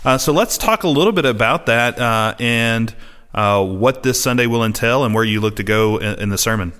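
A man's voice: mid-range voice, moderate pace, fairly bright tone, clear, resonant tone, big-room sound. A man hosting a church podcast about preaching, chatting casually and laughing easily, with plenty of filler words. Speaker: podcast host, pastor.

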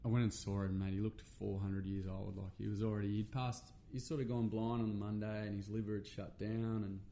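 Middle-aged Australian man, lower pitch, casual earnest storyteller, swears freely, light background noise. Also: level tone, a little fast, dark tone. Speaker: podcast guest, men's workshop facilitator.

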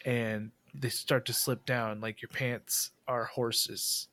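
A man's voice: medium pitch, level tone, slow, sharp tone. A man playing a tabletop game, talking in a goofy, rambling way. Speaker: player. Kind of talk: casual chat at a tabletop game.

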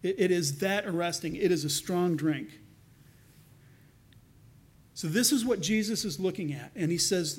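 A pastor preaching a sermon in an earnest, conversational way, slowing down to read scripture with emphasis. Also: male voice, sits high, lively intonation, husky.

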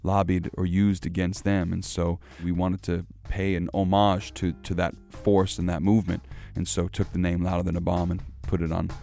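A man, a poetry festival organizer, explaining in a measured, deliberate way. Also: low-pitched, flat delivery, creaky, dark tone. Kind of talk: explanatory interview talk. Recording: faint music underneath.

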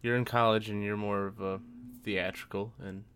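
A man's voice: on the low side, flat delivery, normal speed, fairly bright tone, slight background noise. A man in his twenties co-hosting a casual podcast chat, loose and blunt with lots of "like". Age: 20s. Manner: loose and blunt, peppered with 'like'. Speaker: podcast co-host.

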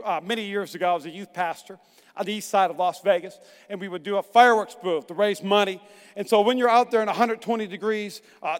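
A middle-aged pastor preaching a sermon, swinging from hushed tones to emphatic shouts. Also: male voice, sits high, smooth. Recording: long echoing reverb.

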